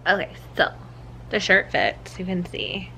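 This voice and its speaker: A woman's voice: fairly low pitch, animated, a little slow, creaky, pushed and bright, a little hiss or hum. A young woman chatting casually to her camera at home in a rambling way, full of "like"s, out of breath at times. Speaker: vlogger. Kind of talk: casual vlog chat. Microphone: handheld camera.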